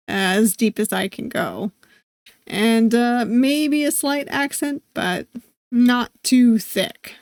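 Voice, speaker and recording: A woman streamer reading a visual novel aloud, with steady narration and playful asides. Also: a little high, dry recording, clean studio sound. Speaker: gaming streamer.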